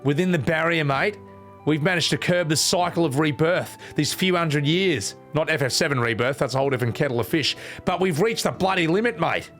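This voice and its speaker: A man's voice: a little high, fairly quick, a bit bright, pitched above the performer's own voice. A lofty young queen, grand and cold, speaking in a broad Australian accent, as a man puts her on. She drops swear words into stately lines in a slightly raised voice, with faint game music playing behind. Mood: mock-solemn. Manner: mock-solemn, swears mid-speech. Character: gentle young queen turned cold ruler.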